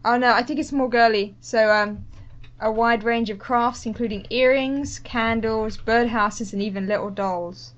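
A woman co-hosting a casual gaming podcast, reading out news items briskly and reining in her co-hosts. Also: a little high, steady tone. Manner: brisk, reads news items between playful scolding. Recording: dull lo-fi podcast audio.

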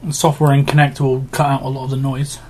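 A man's voice: mid-range voice, level tone, quick pace, darkish tone, slight background noise. A man hosting a casual gaming podcast, chatty and rambling with fillers. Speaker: podcast host. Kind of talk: casual chat.

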